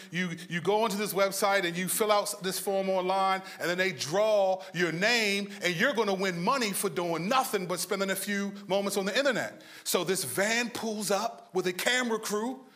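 A man preaching a sermon, moving between lively storytelling and hushed, slow emphasis. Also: high voice. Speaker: pastor.

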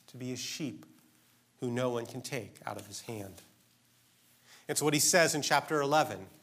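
A man's voice: mid-range voice, fairly bright tone. A man preaching a sermon in an earnest, emphatic way, asking his listeners direct questions.

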